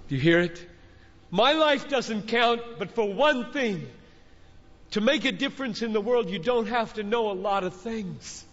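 High-voiced fervent preacher in a big hall. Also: male voice, measured pace, a bit bright. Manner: fervent, exhorting, emphatic repetition. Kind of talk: sermon. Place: large conference hall. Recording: dull recording, long hall reverb.

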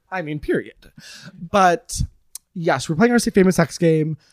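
A woman guest on a comedy podcast, telling an absurd improvised story with playful, theatrical deadpan. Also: fairly low pitch, dry recording.

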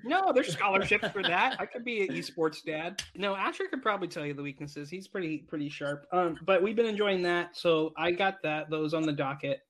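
A man in his thirties with a slightly higher voice, chatting on a gaming podcast. He talks with eager enthusiasm, rambling and restarting his sentences as his ideas tumble out. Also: fairly quick, hardly any pauses, fairly bright tone. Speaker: podcast co-host. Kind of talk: casual gaming podcast chat.

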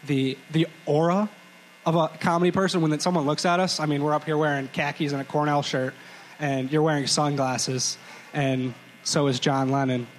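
A man's voice: on the high side, steady tone, moderate pace, a little hiss or hum, poor audio. A young man co-hosting a live podcast show, telling a childhood story with joking asides and careful scene-setting. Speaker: podcast co-host. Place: live stage before a crowd.

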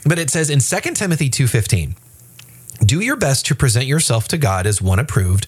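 A mid-range, slightly breathy voice moves a little quickly as this man co-hosts a casual faith podcast. Animated and loose, he voices the people he quotes and often restarts with fillers.

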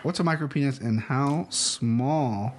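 A man's voice: mid-range voice, unhurried, a little hiss or hum. A man casually running a quiz-and-dare game with a friend, laughing and teasing often. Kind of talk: casual chat.

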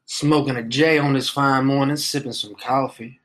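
Here a podcast host rambles alone in a relaxed, joking, foul-mouthed monologue, having just gotten up and coughing occasionally. He has a medium-pitched, slightly bright voice with fairly even intonation at a normal speed, and the low-quality recording carries slight background noise.

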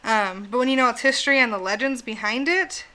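A woman's voice: a little high, fairly quick, pushed and bright. A woman hosting a casual podcast, telling a spooky legend in a chatty way, swearing freely and laughing often. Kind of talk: casual chat.

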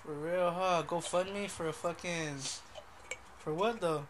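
A man's voice: high-pitched, fairly even intonation, slow, background noise. A man co-hosting a casual podcast, talking in a crude, profane, slangy way. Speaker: podcast co-host.

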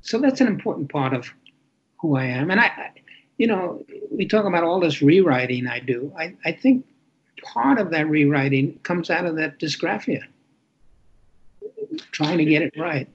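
An older man, an author being interviewed, talking candidly in a reflective, halting way that often repeats words. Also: a little high, animated, slightly rough, muffled recording.

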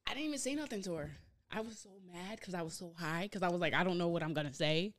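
A young woman telling a story in casual chat, animated and profane, acting out her own reactions. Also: on the low side, quick pace, a little hiss or hum. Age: young adult. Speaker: podcast host.

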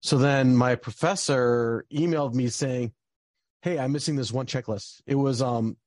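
A man's voice: medium pitch, a little slow, darkish tone, no room sound. A young man telling a personal story in a casual, rambling way, with lots of fillers and bursts of frustration. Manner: rambling, many fillers, gets heated and swears.

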